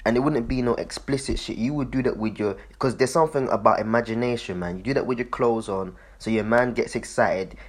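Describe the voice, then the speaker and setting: A man's voice: mid-range voice, a little fast, hardly any pauses. A man giving loose, profane commentary on a video, laughing often and repeating himself. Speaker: online commentator.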